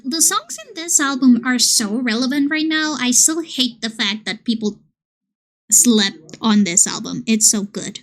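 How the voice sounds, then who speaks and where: A woman streamer chatting casually and playfully with her viewers, reading their messages aloud. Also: on the high side. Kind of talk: casual live-stream chat.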